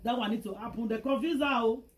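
A woman with a Nigerian accent telling a gossip story in a casual vlog, animated and exclamatory, mixing Pidgin and English. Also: fairly high pitch, fast, a little hiss or hum. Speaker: gossip vlogger.

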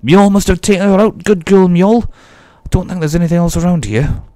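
A man's voice: sits high, fairly quick, mellow, no room sound, clean studio sound. A man giving chatty, jokey commentary as he plays a game and talks to himself. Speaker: let's play host. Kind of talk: casual gameplay commentary.

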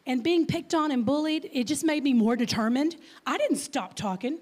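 This church guest speaker is a Texan woman in her fifties with a high, darkish-toned voice at a moderate pace. She speaks chattily, has a slight stutter and fires many questions at the audience.

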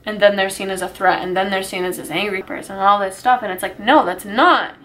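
Woman, emotional vlog monologue, upset, curses, rambling, mid pitch. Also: a little fast, a bit bright, a little hiss or hum. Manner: upset, swearing, rambling with sighs and restarts. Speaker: YouTuber.

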